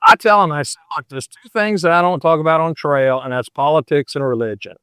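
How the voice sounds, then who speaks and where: A man's voice: on the high side, a little fast, fairly bright tone, clean tone, no room sound. Folksy older man in his seventies. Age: 70s. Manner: folksy and rambling, full of "you know" and "man". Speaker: podcast guest, thru-hiker and pastor. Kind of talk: casual interview chat.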